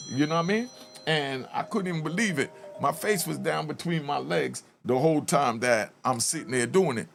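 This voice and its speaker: Gravelly man telling prison stories. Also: fairly high pitch. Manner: storyteller who acts out quoted speech and keeps urging viewers to comment. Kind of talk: casual commentary over video.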